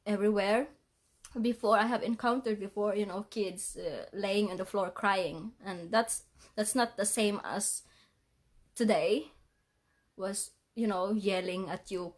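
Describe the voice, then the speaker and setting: A tearful woman talks straight to her viewers, her voice unsteady from crying. She speaks in halting phrases, apologizing again and again and half-laughing through the tears. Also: medium pitch. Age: adult parent. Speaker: vlogger. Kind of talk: emotional livestream vlog.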